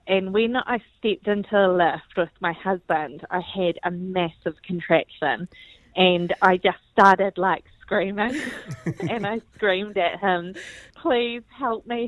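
A woman's voice: mid-range voice, no echo, narrow, tinny audio. A young woman with a New Zealand accent, a radio guest telling a comic parenting story with lots of laughter. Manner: giggly, animated, laughs through lines.

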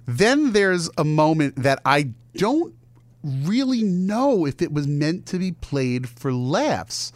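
A man's voice: on the high side, big pitch swings, slow, no echo. Chatty male podcast host, dry sound. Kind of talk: casual chat.

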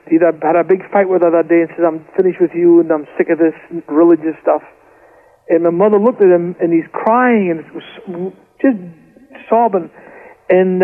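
A Scottish man from Scotland, a guest preacher telling his family's testimony with fervour and frequent repeated words, heard over a phone line. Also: high voice. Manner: fervent, repeats words while telling the story. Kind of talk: impassioned testimony storytelling.

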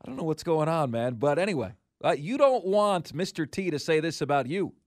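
A man hosting a sports talk radio show, energetic and animated. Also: a little high, a little fast, no room sound, studio quality. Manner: energetic, animated, laughs often. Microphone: studio microphone.

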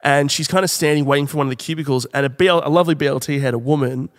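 A man, co-hosting a podcast and telling a long story in casual chat, laughing often and slipping into high girly voices for quotes. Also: fairly even intonation, very fast, long reverb tail. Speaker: podcast co-host.

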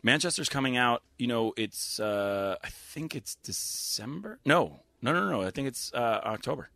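A man from Massachusetts, a guest actor in casual interview chat, joking and quick. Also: medium pitch, lively intonation, creaky, pushed and bright, no room sound.

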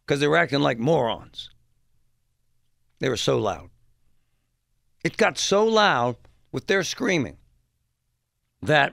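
A man hosting a talk show, telling a story in an animated, mocking way and mimicking yelling parents. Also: mid-range voice, vocal fry, no room sound, studio quality. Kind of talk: storytelling monologue.

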